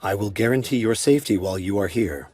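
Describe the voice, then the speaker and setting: An actor playing an emotionless male golem lord who speaks calmly and formally. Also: fairly low pitch, husky, dry recording. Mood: flat. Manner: calm, measured, formal. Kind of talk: anime dub acting.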